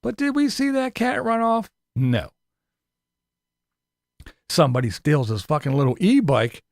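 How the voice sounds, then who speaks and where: A man's voice: a little high, very animated, measured pace, dry recording. A man giving a sarcastic, profane commentary rant as a vlogger.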